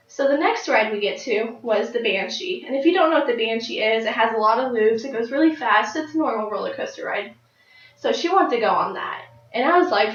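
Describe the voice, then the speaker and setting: Lively nineteen-year-old woman, distant echo. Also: fairly quick. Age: late teens. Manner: lively storytelling with high excited jumps. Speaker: speaker giving a personal speech. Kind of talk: personal story speech. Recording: dull, roomy sound from a distant mic.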